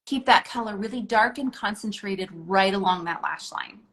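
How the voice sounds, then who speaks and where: A woman's voice: medium pitch, normal speed, fairly bright tone, slight background noise, low-quality recording. A woman leads a makeup tutorial, coaching her student through each step. She talks in an encouraging, hands-on way, with plenty of casual filler words. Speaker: makeup instructor.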